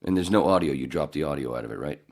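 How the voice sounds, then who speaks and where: A man's voice: a bass voice, racing. A man hosting a podcast in casual chat, joking, rambling and swearing freely. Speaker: podcast host.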